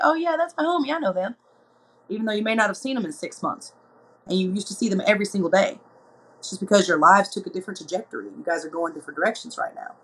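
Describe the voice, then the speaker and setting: A woman in her thirties hosting a show, talking candidly and chattily to viewers, slipping into lively quoted asides. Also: fairly low pitch, low-quality recording. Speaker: host. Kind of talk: candid personal talk to viewers.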